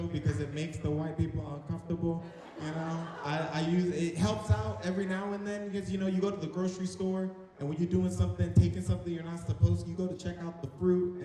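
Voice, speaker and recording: A man's voice: on the high side, warm tone. A young man from North Carolina doing playful, chatty stand-up comedy on a stage mic, teasing the audience. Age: young adult. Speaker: stand-up comic. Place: large echoing hall on stage. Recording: echoey hall reverb.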